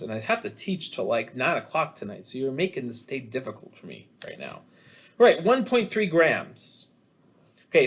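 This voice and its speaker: Chatty man giving an online physics lecture. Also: on the high side. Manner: chatty, jokey asides to students. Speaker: physics instructor.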